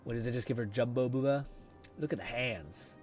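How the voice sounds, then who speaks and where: A hoarse man casually commenting on a game as he streams it, rambling, swearing freely and reading chat messages aloud. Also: mid-range voice, a little fast, darkish tone, faint music behind.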